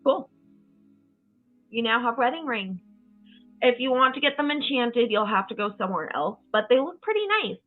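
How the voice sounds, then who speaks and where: A woman game master running a tabletop session in a relaxed, matter-of-fact way. Her voice comes through a thin, phone-like line, with faint music behind her. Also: fairly high pitch, normal speed, long pauses. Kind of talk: casual tabletop game narration. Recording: muffled, phone-like call audio.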